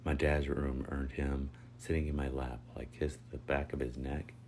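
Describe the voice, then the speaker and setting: A man reading a first-person story aloud in a steady, unhurried way. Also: rumbling low, a little hiss or hum. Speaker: narrator.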